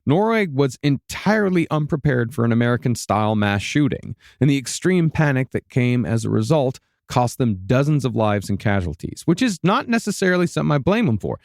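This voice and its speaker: A man hosting a podcast, recounting events in a steady, matter-of-fact storytelling style with dry asides, recorded in a studio. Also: medium pitch, brisk, gravelly, hardly any pauses, no echo. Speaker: podcast host and narrator. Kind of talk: storytelling true-crime narration.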